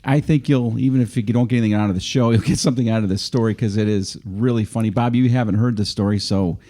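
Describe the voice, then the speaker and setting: A man's voice: on the low side, fairly even intonation, fast talker, warm tone. A man hosting a podcast, casually introducing a story to his co-hosts. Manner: introduces the guest story, easygoing. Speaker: podcast host.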